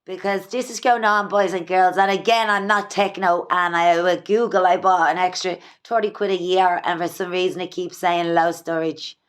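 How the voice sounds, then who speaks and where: An Irish woman vlogging from home, talking fast and candidly in a rambling, repetitive way. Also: on the low side, steady tone, clean tone. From Ireland. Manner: rambling, fast, repeats herself. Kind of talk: candid confessional vlog. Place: at home in her own small place.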